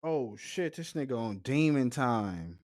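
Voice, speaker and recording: A man's voice: mid-range voice, expressive, measured pace, a little mellow, no room sound, studio quality. Hyped man reacting with slang. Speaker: podcast co-host. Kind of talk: casual chat.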